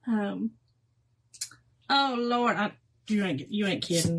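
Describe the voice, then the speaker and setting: A middle-aged woman, telling a story to her viewers in a casual, animated way and laughing often. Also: medium pitch, takes it slowly, long pauses, husky, rough recording. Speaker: crafting livestream host.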